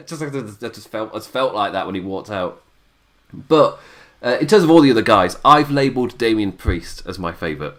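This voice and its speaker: A man's voice: fairly low pitch, animated, moderate pace, a bit bright. An English man hosting a wrestling review podcast, talking casually and laughing often. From England. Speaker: podcast host.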